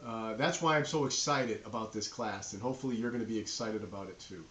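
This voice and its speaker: A man's voice: lowish voice, fast talker, fairly bright tone, echoey room, a little hiss or hum. A middle-aged man from New Hampshire with a New England accent, an enthusiastic university instructor introducing his course to students. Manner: enthusiastic, friendly, addresses students directly.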